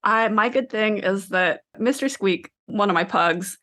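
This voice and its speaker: A woman's voice: medium pitch, measured pace, a bit bright. A woman co-hosting a book podcast, chatting casually and laughing often. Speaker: podcast co-host. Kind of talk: casual chat.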